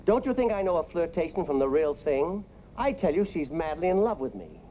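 A man's voice: on the high side, sing-song, a little fast, warm tone, a little hiss or hum, poor audio. An actor playing a flustered middle-aged father who stammers through his excuses, in 1950s sitcom style.

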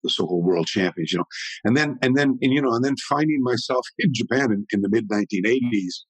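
Husky-voiced man telling stories. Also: medium pitch, fast talker, no room sound, low-quality recording. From Canada. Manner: animated, rambling storyteller. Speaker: guest, martial arts historian. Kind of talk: conversational storytelling.

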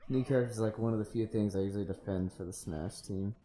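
Brief: streamer guy, low mellow voice, sarcastic banter, echoey room with faint noise. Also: fast. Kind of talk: casual gaming chat.

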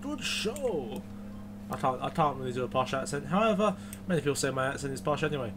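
A man's voice: medium pitch, racing, noisy background. A man giving rambling, self-correcting commentary while reviewing a video game. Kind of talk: gameplay commentary.

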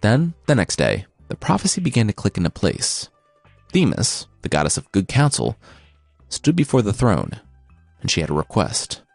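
Wry deep-voiced male storyteller. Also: normal speed, gravelly, dry recording, faint music behind. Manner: wry, deadpan asides. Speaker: podcast host and narrator. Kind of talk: comic mythology storytelling.

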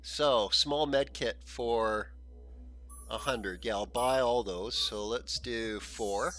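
Bright, slow-talking man narrating gameplay. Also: mid-range voice. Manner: chatty, thinking aloud, frequent throat clearing. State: frog in his throat. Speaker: gaming channel host. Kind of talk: casual gameplay commentary.

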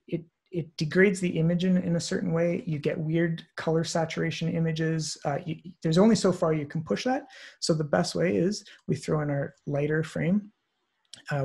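A man walking through a photo compositing tutorial on screen, relaxed and thinking aloud with many fillers. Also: on the high side, gravelly, husky. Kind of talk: screen-share software tutorial. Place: online presentation, recorded at his computer.

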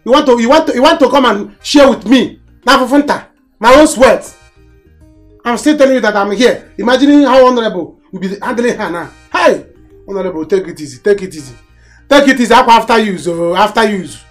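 An actor with a Nigerian accent playing a stingy, boastful older brother who mocks and orders people about. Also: male voice, very high voice, a little fast, soft background music. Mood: mocking. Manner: mocking, boastful, mixes Igbo and Yoruba phrases. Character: boastful, stingy male moneyed big brother. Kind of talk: Nollywood film acting.

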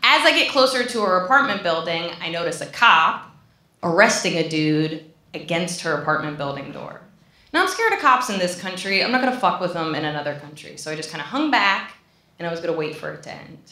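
A woman in her thirties doing a stand-up comedy set with a dry, deadpan delivery and hesitant restarts, into a handheld stage mic. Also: lowish voice, a little fast. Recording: echoey room with audience noise.

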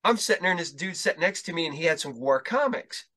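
A man's voice: a little high, expressive, fast, sharp tone. A male podcast host telling rambling, profane stories in casual chat, acting out the dialogue as he goes.

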